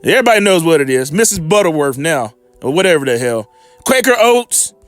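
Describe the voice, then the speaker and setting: A man's voice: on the high side, big pitch swings, brisk, faint music behind. A man preaching informally on scripture, heated and profane, with rambling asides.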